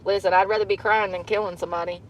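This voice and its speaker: A woman's voice: medium pitch, steady tone, racing, slight background noise. A woman, livestreaming casual chat from a parked car, rambling and candid and laughing often. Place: parked car in a parking lot.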